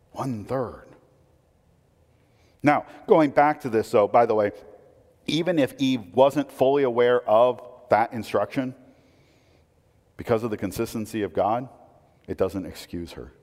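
A pastor delivers a conversational sermon in a large hall, speaking a little slowly with long pauses. He poses rhetorical questions and moves between emphatic raised lines and quiet low asides.

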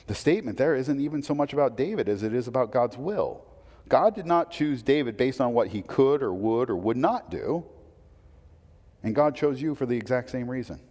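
A man's voice: medium pitch, expressive, moderate pace. Preaching man in a reverberant hall. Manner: swings from hushed to loud and emphatic. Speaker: pastor. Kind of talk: sermon.

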